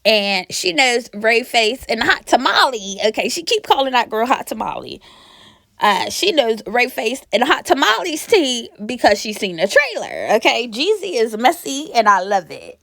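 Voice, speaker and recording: Sassy gossiping woman with a lively voice. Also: a little high, moderate pace, gravelly, dry recording, studio quality. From Pennsylvania. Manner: sassy, gossipy, laughs often. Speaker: reality show recap host. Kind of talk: casual chatty recap.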